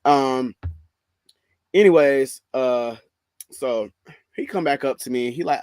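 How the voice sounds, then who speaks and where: A man with a Southern US accent telling a story in a casual monologue, animated, sassy and full of profanity. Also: medium pitch, a little slow, pauses often, no room sound. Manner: animated, profane, sassy, calls listener "bitch" and "girl".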